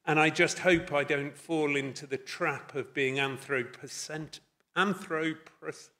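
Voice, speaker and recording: A middle-aged Scottish man addresses a conference hall in a fairly high, somewhat bright voice. His talk is thoughtful and self-deprecating, broken up by hesitant fillers.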